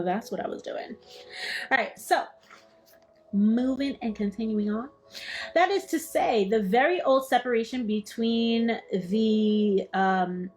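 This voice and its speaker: A woman hosting a study session, reading a book aloud and stopping to explain it in her own words, playful and quick to laugh at herself. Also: on the high side. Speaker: study group host.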